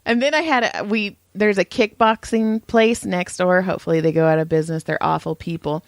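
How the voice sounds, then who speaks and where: A woman's voice: lowish voice, steady tone, fairly quick, no room sound, studio quality. A woman co-hosting a podcast, telling stories in a casual chat, laughing often and acting out quotes. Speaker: podcast co-host.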